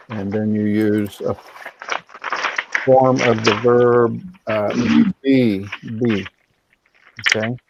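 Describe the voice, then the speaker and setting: A man's voice: mid-range voice, creaky, noisy background. A man teaching an online English class over a video call, patiently explaining and repeating, and slipping in the odd Spanish word. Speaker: ESL teacher.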